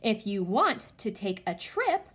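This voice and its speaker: A woman teacher giving a remote reading lesson to young children, reading aloud in an animated, sing-song way with big excited rises. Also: medium pitch, unhurried, slightly rough. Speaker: elementary school teacher.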